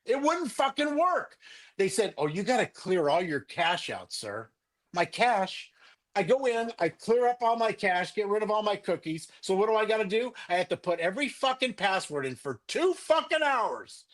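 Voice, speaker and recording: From his home on a remote video call, an older sports card collector launches into a heated, profane livestream rant that rambles angrily. He speaks at normal speed in a high-pitched, expressive, fairly bright voice.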